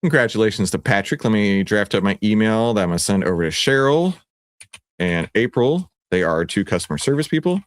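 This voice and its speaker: Man, Texan accent, livestream host, playful teasing, very lively pitch. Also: a little fast, no room sound, studio quality. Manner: playful, teasing, excitable with sudden high shouts. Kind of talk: animated livestream presentation.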